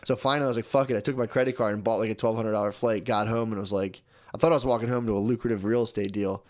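A man's voice: on the low side, fairly even intonation, racing, darkish tone. Young male co-host, loose and profane, a rambling storyteller who plays every part of his phone calls. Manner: rambling storyteller, swears freely, acts out both sides of phone calls. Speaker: podcast co-host. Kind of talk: casual chat.

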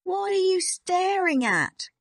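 A woman's voice: medium pitch, slow, no room sound, clean studio sound, close to an everyday voice. A woman voicing a stern, cold headmistress in an audiobook, speaking in a commanding, scolding tone. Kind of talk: audiobook character reading.

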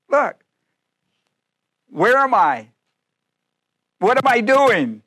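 A man's voice: very high voice, big pitch swings, extremely slow, pauses often, sharp tone. A man pastor preaching a sermon, acting out biblical speakers in first person with humor and frequent laughter.

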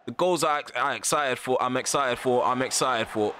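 Guy venting over his football career game, middle pitch, slangy and repetitive, faint noise behind. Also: moderate pace, sharp tone. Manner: frustrated, exasperated ranting; slangy, repeats himself. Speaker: gaming YouTuber. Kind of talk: live gameplay commentary.

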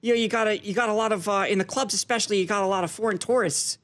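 A man in his thirties, a stand-up comic guest, talking in a halting, deadpan way with many hesitations. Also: sits high. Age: 30s. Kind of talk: casual studio chat.

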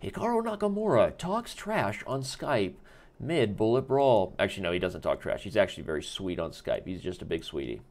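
A man's voice: on the low side, sing-song, moderate pace, a little mellow. A man hosting a live chess stream, commentating his games with playful, joking banter.

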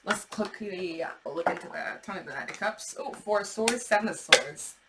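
A woman giving a casual, chatty tarot reading, animated and swearing as she acts out imagined replies. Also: mid-range voice, normal speed, heavy background noise. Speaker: tarot reader.

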